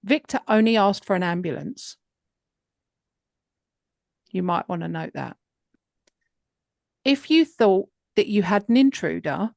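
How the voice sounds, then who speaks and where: A woman narrates a true crime podcast at an unhurried pace, chatty and full of fillers. Her voice sits close to the mic with a dry, dead sound. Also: mid-range voice, gravelly, a little mellow, no room sound. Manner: unhurried, conversational, with many fillers. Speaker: podcast host.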